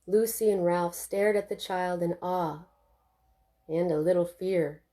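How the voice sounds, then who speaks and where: A woman reads her own novel aloud in steady, expressive narration. Her voice is warm and mellow. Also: lowish voice, a little slow. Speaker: author reading her novel. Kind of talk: audiobook narration.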